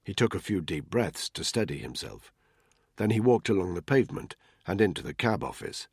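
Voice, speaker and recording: Deep, husky male audiobook narrator. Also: big pitch swings, normal speed, dry recording, studio quality. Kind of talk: scripted narration.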